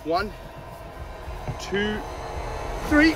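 High-voiced, excitable man handling a snake outdoors. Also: normal speed, loud music behind the voice. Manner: energetic and excitable, with whooping calls. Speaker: snake handler and show host. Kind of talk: outdoor handling demonstration to camera. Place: outdoors on grass in hot weather.

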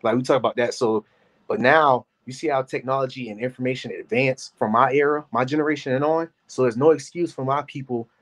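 A man in his thirties giving casual reaction commentary, animated and rambling, talking to his chat by name. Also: mid-range voice. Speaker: commentary host.

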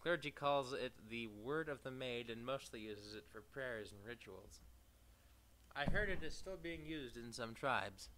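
A man's voice: medium pitch, expressive, measured pace, pushed and bright, slight background noise. A man putting on a pompous scholarly bird. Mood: haughty polite. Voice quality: snobbish, overly formal.

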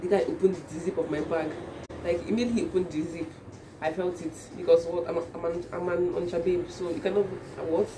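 A young Nigerian woman vlogging casually to camera, her voice still rough from just waking up, talking chattily with many restarts. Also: on the low side, steady tone, quick pace, few pauses, recorded from a distance, background noise. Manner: chatty, repeats words and restarts a lot. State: morning voice, just woke up.

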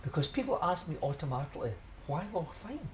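A man's voice: a little high, very animated, brisk, darkish tone, a little hiss or hum. Chatty older Scottish man reminiscing. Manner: chatty, rambling, repeats himself, chuckles at memories. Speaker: shellfish shop owner. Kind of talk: reminiscing in a documentary interview.

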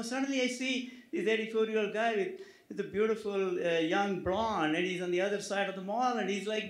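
A man's voice: sits high, moderate pace. A man, a physician with a non-native English accent, giving humorous closing remarks at a conference, hesitating with many fillers and restarts. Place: conference hall. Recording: echoey conference hall.

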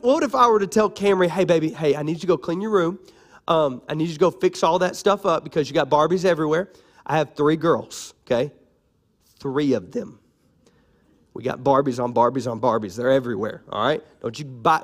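A man, preaching a sermon in a joking, conversational way and sounding a little hoarse. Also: fairly high pitch. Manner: animated, conversational and joking, lively shifts between loud and soft. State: raspy from cough medicine and little sleep. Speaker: pastor.

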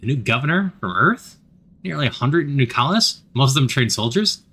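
A man reads a story game aloud in an animated, expressive way. His voice is bright and forward, with lively swings in pitch. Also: a little fast, breathy edge. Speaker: narrator.

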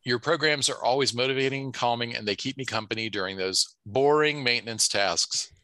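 Bright, lively man co-host in a dry room. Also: medium pitch, a little fast, dry recording. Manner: dry asides, reads comments aloud. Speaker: podcast co-host reading listener comments. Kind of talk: casual chat.

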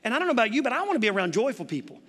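Man, pastor, emphatic sermon, high bright voice, church hall reverb. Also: very animated, very fast. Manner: emphatic, conversational preaching with rhetorical questions. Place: church sanctuary.

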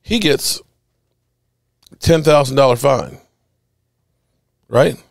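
A man's voice: medium pitch, slow, creaky, no echo, studio quality. A man hosting a sports podcast, ranting indignantly over game clips and repeating his points. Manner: animated, indignant, repeats himself.

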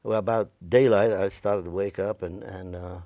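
A man's voice: deep voice, fairly even intonation, moderate pace, warm tone, no room sound. A man in his nineties from Staten Island, New York, telling his memories in an oral history interview. He rambles a little and acts out the voices of the people in his stories. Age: older; 90s. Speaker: veteran interviewee.

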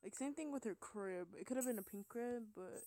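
A woman's voice: a little high, a little fast, background noise. A young woman in casual gameplay commentary, chatty and giggly, her voice tired, rambling and sometimes dropping to a whisper. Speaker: gameplay video host.

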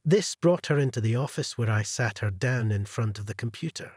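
A male narrator reading a first-person revenge story, husky and cold, with his pitch moving lively through each sentence. The voice is close and dry, with no room around it. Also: a little fast, hardly any pauses, no echo.

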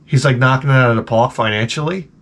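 A man's voice: mid-range voice, quick pace, a bit bright. A middle-aged man from Long Island, telling stories in a profane, sarcastic, rambling vlog monologue. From Long Island, New York. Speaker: vlogger.

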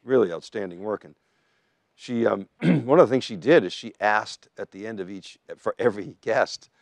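Deep-voiced man in brisk podcast talk. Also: animated, gravelly, no room sound. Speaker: podcast co-host. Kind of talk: casual tech chat.

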